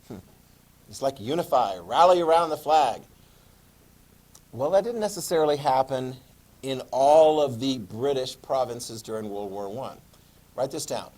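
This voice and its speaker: A man's voice: mid-range voice, lively intonation, measured pace, pauses often, darkish tone. A man teaching a history class, chatty and quizzing his students as he goes. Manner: chatty, asks the class questions. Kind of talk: classroom lecture.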